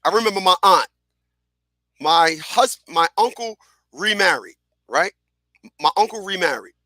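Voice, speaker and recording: Animated man telling stories in a dry studio. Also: high-pitched, unhurried, no echo. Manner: animated, repeats phrases, acts out quotes. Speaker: radio show host. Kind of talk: casual storytelling monologue.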